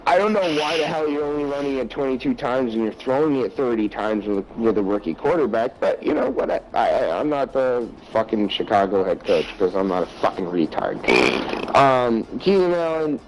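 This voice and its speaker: A man's voice: medium pitch, expressive, moderate pace, a little hiss or hum, rough recording. A man co-hosting a podcast, ranting bluntly about football with plenty of swearing in casual sports chat. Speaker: podcast co-host.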